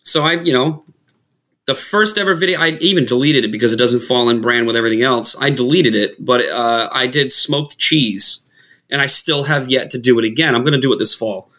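A man's voice: mid-range voice, fairly quick. A man with a Boston accent telling stories in casual chat, swearing a lot and talking with animation. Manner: profane, animated storytelling, slips into loud impressions. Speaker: guest, food content creator.

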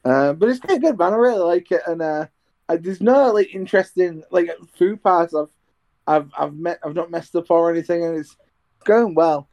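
A man's voice: fairly high pitch, normal speed, a little mellow, muffled recording. A young man chatting casually over a video call from his half-decorated bedroom, rambling with restarts about training as a radio presenter. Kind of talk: casual chat. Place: home bedroom being decorated.

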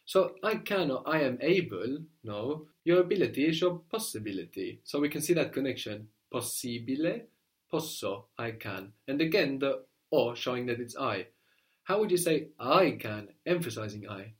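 A man gives a spoken language lesson, patiently explaining and repeating words slowly for his student. His voice is medium-pitched and expressive.

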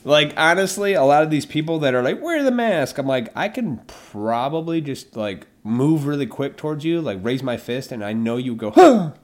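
This solo podcast host has a mid-range voice and talks at a normal speed with hardly any pauses. He rants with plenty of profanity, mockingly acting out the imagined people he's arguing with.

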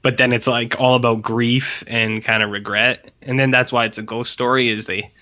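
Man, podcast co-host, bright tense voice, rambling and profane, somewhat dull lo-fi sound. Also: mid-range voice, flat delivery, normal speed. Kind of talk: casual chat.

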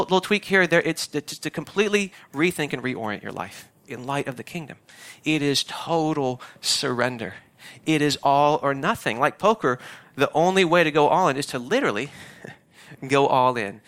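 Male pastor, bright and slightly high voice, easy conversational preaching that hammers its key phrases. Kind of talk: sermon.

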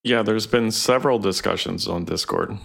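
A man with a low, deep voice reading through gaming news on a podcast. He sounds plain and matter-of-fact and drifts along with fillers between his points. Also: moderate pace, gravelly, fairly bright tone. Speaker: podcast co-host. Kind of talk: casual gaming podcast chat.

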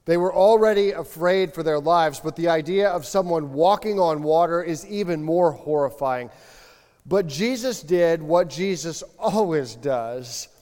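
A male pastor delivering a conversational, animated sermon, acting out bits of biblical dialogue. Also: on the high side, a little slow, long reverb tail. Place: church sanctuary.

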